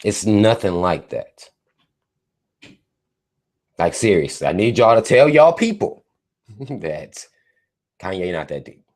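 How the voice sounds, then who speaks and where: A man ranting on a live stream, his pitch swinging up and down as he mocks and swears. He repeats points for emphasis and talks with a lively, exasperated bite. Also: takes it slowly, long pauses. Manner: animated, profane, mocking, emphatic. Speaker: livestream host. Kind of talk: profane live-stream rant.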